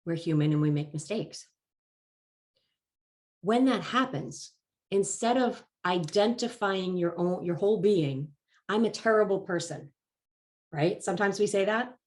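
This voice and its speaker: A woman giving a talk as a life coach, calm and encouraging, slightly congested from allergies and clearing her throat now and then. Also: lowish voice. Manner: calm, encouraging and measured, stressing key phrases. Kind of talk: presented talk.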